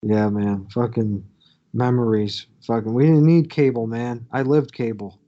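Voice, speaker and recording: A man's voice: medium pitch, steady tone, measured pace, dark tone, highs cut off. A man co-hosting a podcast, telling a crude, swear-filled story from his youth in a casual way. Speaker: podcast co-host.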